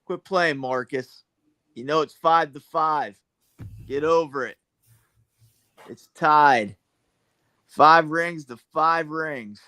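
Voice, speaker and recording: Bright, teasing man on a livestream. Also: slow pace, long pauses, no echo, clean studio sound. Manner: teasing and excitable, pitch leaps up when surprised. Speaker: guest on a livestream. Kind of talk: casual banter.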